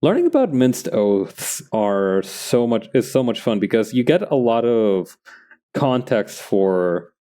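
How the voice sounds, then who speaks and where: A man's voice: medium pitch, sing-song, slow, warm tone. A man chatting casually while he works on a comic, drifting into rambling, musing asides between remarks about his drawing. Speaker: comic artist streaming his work.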